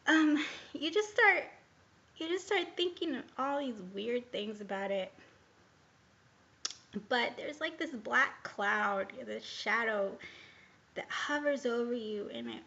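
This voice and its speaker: A woman's voice: fairly high pitch, takes it slowly, gravelly, long pauses, sharp tone, muffled recording. A woman telling a personal story in a casual vlog, rambling and candid with many hesitations. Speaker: vlogger.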